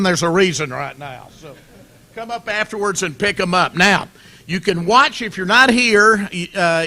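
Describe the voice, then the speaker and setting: A middle-aged man emcees a club luncheon in a jovial, storytelling way. His voice sits high for a man and rings bright and forceful, and he keeps slipping in quick asides. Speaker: event host.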